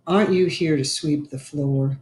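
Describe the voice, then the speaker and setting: A woman voicing a shy, quiet grown man who stammers softly and speaks slowly. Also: sits low, reverberant, pitched below the performer's own voice, lightly acted. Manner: halting, stammering, slow and soft.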